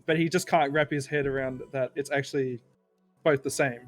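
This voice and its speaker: A man's voice: medium pitch, fairly even intonation, fairly quick, faint music behind. A man appearing as a guest on a casual stream chat, speaking in an easygoing, mildly sheepish way as he retells a story.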